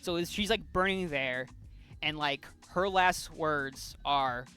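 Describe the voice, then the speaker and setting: A man's voice: a little high, takes it slowly, pushed and bright, soft background music. A man co-hosting a podcast, casually retelling a comic's plot with many fillers and restarts. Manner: rambling with frequent fillers and restarts. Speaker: podcast co-host.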